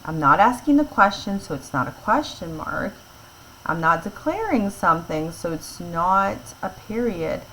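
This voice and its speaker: A woman teacher talks her class through a grammar lesson, slowly and patiently, checking in with them after each point. Her voice sits a little low, with a faint hum in the background. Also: sing-song, fairly bright tone, poor audio. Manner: patient, explains step by step and checks in with "okay?".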